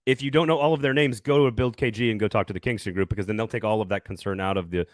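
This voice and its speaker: A man's voice: lowish voice, steady tone, very fast, no echo, clean studio sound. A man hosting a casual sports talk show, upbeat and jokey, laughing often and doing sponsor reads. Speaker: podcast host.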